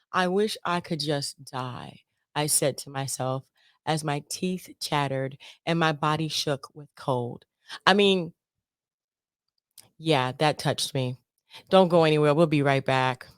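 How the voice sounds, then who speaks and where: Woman, podcast host, fast and excitable, slightly low voice, dry close sound. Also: smooth, no room sound. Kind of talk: casual interview talk.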